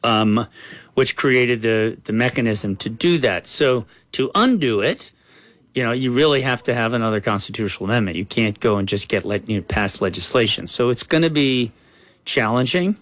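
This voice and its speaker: A man's voice: mid-range voice, moderate pace, fairly bright tone, no echo. A man as a political guest, answering in a frank, earnest conversational way and often saying "you know".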